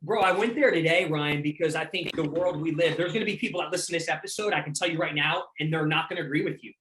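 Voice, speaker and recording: A man's voice: fairly high pitch, quick pace, a bit bright, a little hiss or hum. A man hosting a podcast, talking in an earnest, conversational way. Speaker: podcast host. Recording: roomy, distant mic.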